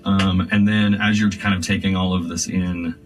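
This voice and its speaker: A man narrating scenes as game master of a tabletop game, describing them slowly with many fillers. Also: sits low, little pitch movement. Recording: distant mic with faint music.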